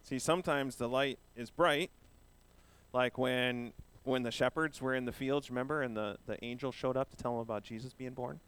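A man speaks to a group of children in a playful, questioning way. He is giving a children's sermon at a middle pitch. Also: steady tone, normal speed, a bit bright, clean tone. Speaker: pastor giving a children's message.

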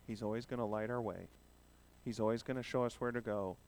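A man's voice: fairly low pitch, fairly even intonation, brisk, a little mellow, a little hiss or hum. A man giving a children's sermon, playful and asking the children questions as he talks. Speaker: pastor giving a children's message.

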